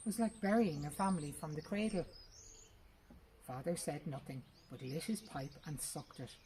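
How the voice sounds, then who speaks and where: A woman reading a short story aloud in a lively, expressive first-person narration. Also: low-pitched, slight background noise, rough recording. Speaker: reader.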